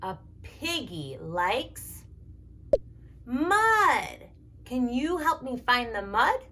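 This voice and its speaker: With a fairly high, sing-song voice that's pushed and bright, this U.S. speech therapist plays with toddlers, imitating animals and drawing words out. The lesson is slow and exaggeratedly playful, with a faint hiss or hum in the background.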